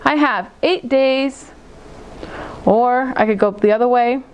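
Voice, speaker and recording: A woman teacher with a high, light voice walks young children through a math lesson. She explains each step slowly and clearly, the way she would in a classroom. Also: lo-fi sound, slight background noise. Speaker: second grade teacher. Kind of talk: recorded math lesson for kids.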